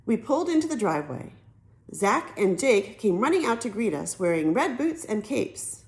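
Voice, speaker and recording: Lively woman reading a children's novel. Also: on the high side, normal speed, poor audio. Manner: lively storytelling, switches into character voices. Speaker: audiobook narrator.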